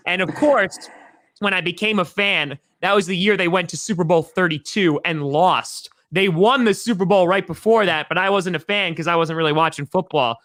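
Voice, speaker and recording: A man in his thirties from New York, an upbeat podcast guest chatting casually and repeating himself when excited. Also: sits high, no echo. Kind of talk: casual chat.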